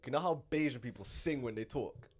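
A young man with a London accent, telling stories in animated, slangy casual banter with friends. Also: medium pitch, fairly quick, a little hiss or hum. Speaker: friend in group chat.

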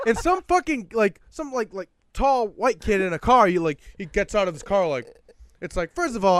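A young man on a podcast, telling stories in an animated way and swearing often. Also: sits high, a little fast, dry recording. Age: young adult. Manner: animated storytelling, swears a lot. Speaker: podcast guest. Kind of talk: casual chat. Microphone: podcast mic.

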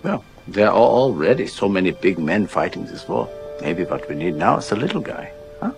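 An actor with a German accent playing a kindly older army doctor-scientist in a film. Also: male voice, deep voice, big pitch swings, normal speed, gravelly, over music, full character voice. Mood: warm encouraging. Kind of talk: film dialogue. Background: film score.

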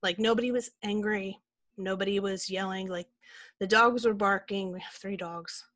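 A woman co-host in an open, easygoing podcast chat, rambling candidly and leaning on filler words. Her voice sits at an ordinary middle pitch. The sound is dry and close, with no room around it. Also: steady tone, normal speed, fairly bright tone, dry recording. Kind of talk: casual chat.

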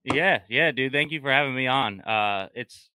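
A man's voice: mid-range voice, moderate pace, sharp tone, smooth, dry recording. A man guesting on a casual podcast, talking enthusiastically with lots of restarts and frequent use of man. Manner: enthusiastic, many restarts, says man a lot.

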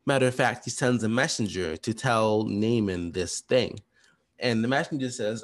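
Male teacher, somewhat low pitch, chatty and quick, rambling casual explainer. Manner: chatty, retells stories in slangy voices; fast, rambling with many restarts. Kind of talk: casual study-question walkthrough. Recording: voice message.

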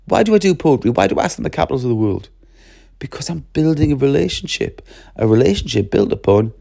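A middle-aged man giving an expressive, lively training talk to teachers, acting out classroom voices as he goes. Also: medium pitch, fast talker, vocal fry, no room sound, clean studio sound.

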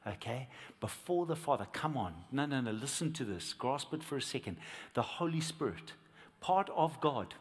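A man preaching a sermon as pastor, swinging from hushed whispers to loud, impassioned appeals and repeating phrases for emphasis. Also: medium pitch, lively intonation, normal speed, husky. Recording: long hall reverb, faint music behind.

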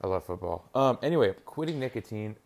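A man's voice: fairly low pitch, lively intonation, fast talker, a little mellow, slight background noise. A young man chatting casually on his own, rambling and swearing while he reacts to a football game on TV. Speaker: podcast host. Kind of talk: casual solo chat.

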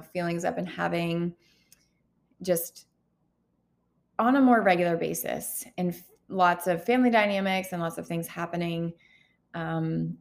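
Woman in her 30s, lowish gravelly voice, talking open and kinda teary, lots of pauses. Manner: candid, halting, emotional. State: holding back tears. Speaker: healthcare worker vlogger. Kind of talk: personal confessional vlog.

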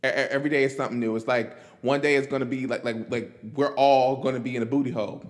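A man's voice: mid-range voice, fairly even intonation, quick pace, long reverb tail. A man hosting his own podcast, talking casually and with animation, laughing often and stammering through restarts. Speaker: podcast host. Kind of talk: casual solo commentary. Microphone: camera recording himself.

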